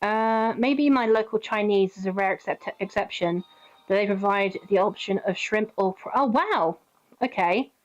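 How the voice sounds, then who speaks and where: A woman's voice: medium pitch, moderate pace, muffled recording. A British woman streaming a game, chatting casually with her viewers and greeting them by name. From Britain. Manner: chatty, giggly, talks to chat by name.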